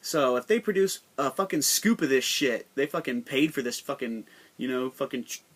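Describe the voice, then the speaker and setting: A man's voice: medium pitch, expressive, normal speed, a bit bright. Profane rambling young American man. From United States. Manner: profane, rambling, jokey, slangy. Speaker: podcast host. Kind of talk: casual rambling monologue.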